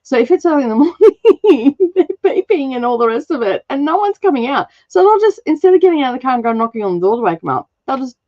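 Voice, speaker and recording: A woman's voice: high voice, very animated, fast, hardly any pauses, warm tone, highs cut off. A middle-aged woman hosting a craft livestream. She chats casually and rambles, laughing often and using lots of fillers. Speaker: craft channel host.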